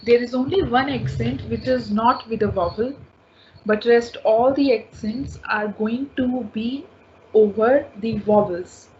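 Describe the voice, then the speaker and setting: A woman with a fairly high, slightly mellow voice gives a slow spoken French lesson, patiently saying each word and sound several times over. The audio is dull and lo-fi, with faint ambient noise behind her.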